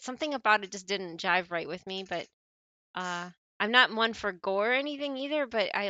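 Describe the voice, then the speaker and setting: Bright-voiced giggly American woman streamer. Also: medium pitch, no room sound, dull audio. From United States. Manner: giggly, rambling, apologetic, many fillers. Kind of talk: casual chat reading stream chat.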